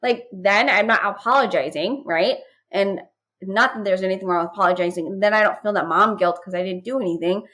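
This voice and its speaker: A woman in her thirties, a parenting course creator talking with a podcast host, who tells stories in a lively, casual way full of asides. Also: medium pitch, fairly quick, rough recording. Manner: animated storytelling, many "I was like" asides.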